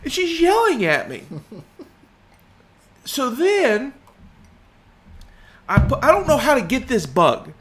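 A man's voice: very high-pitched, slow pace, long pauses. A man in his thirties, a podcast co-host, telling a story in casual chat and acting out the voices he quotes. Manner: animated, acts out quoted voices.

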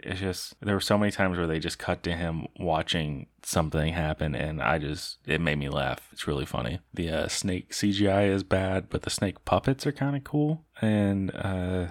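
Tired young guy, very low voice, loose and profane, rambling movie-review chat. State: tired and worn out. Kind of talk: casual spoken movie reviews.

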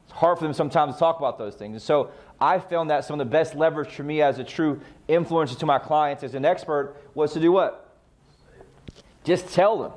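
A man's voice: fairly high pitch, a little fast, darkish tone. A man coaching real estate agents on client communication, emphatic and full of rhetorical questions he answers himself. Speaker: sales trainer.

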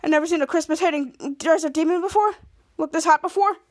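A woman's voice: extremely high pitch, fast. A woman putting on a cocky, vain male holiday demon. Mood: taunting. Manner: smug, taunting, show-off delivery.

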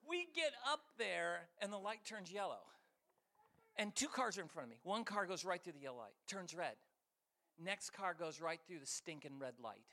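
A middle-aged man preaching a sermon as guest speaker, telling stories with lively acted-out voices and sudden shifts between loud and soft. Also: fairly high pitch, a little hiss or hum. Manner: animated, acts out voices, jumps between loud and quiet. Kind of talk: sermon with storytelling.

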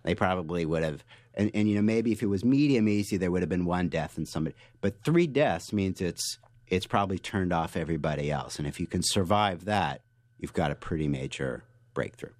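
A man with a very low voice answers interview questions in an animated, storytelling way, often restarting his sentences. The sound is close and dry, with no room around it. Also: a little fast, dry recording. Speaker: guest author.

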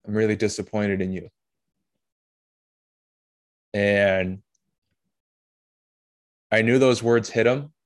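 Low, flat-voiced man telling a personal story. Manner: emotional, halting, with blunt swearing. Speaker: podcast host.

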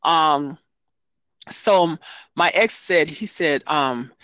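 A woman's voice: sits low, extremely slow, a bit bright, no room sound. Rambling woman author, dry close sound. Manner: rambling, frequent ums and self-corrections. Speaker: children's book author, guest. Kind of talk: casual interview talk.

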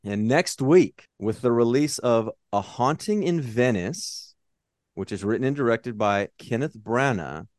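A man's voice: mid-range voice, a little slow, no room sound, studio quality. A man co-hosting a movie podcast, chatting casually and swearing often as he gets worked up about films. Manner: profane, animated movie talk. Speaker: podcast co-host. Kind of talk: casual chat.

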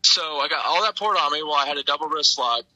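A man's voice: fairly high pitch, expressive, quick pace, a crowd in the background, low-quality recording. A young man, a wrestler being interviewed, tells stories casually in a laid-back, profane way and laughs often. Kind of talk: casual storytelling.

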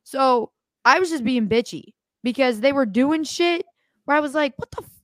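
A young woman co-hosting a podcast, animated and swearing often as she acts out quotes. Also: high voice, normal speed, no room sound, studio quality. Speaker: podcast co-host. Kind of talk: casual podcast chat.

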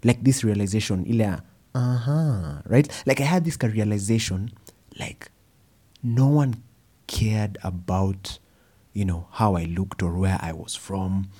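A young man with a Kenyan accent giving a personal storytelling talk, animated and slipping Swahili phrases into his English. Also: lowish voice, measured pace. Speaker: speaker.

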